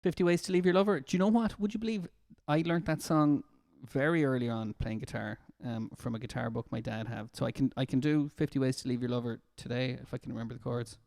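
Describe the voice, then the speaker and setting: A man's voice: medium pitch, fairly even intonation, fast, vocal fry, hardly any pauses, darkish tone, dry recording, clean studio sound. A man with an Irish accent, a music therapist, chatting casually on a live stream and reading out viewer comments with easy laughter. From Ireland. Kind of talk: casual chat to a live stream audience between songs. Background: acoustic guitar.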